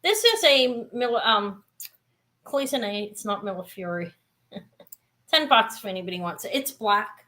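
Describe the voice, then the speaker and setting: A woman's voice: medium pitch, animated, measured pace, pauses often, pushed and bright. A middle-aged woman chatting casually as she sells jewelry in a live-stream auction, rambling with asides.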